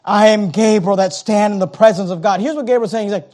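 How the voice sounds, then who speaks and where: A man with a very high voice preaches a sermon. He acts out the scripture characters as he goes, dropping to hushed tones and then rising to shouts. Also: brisk, hardly any pauses.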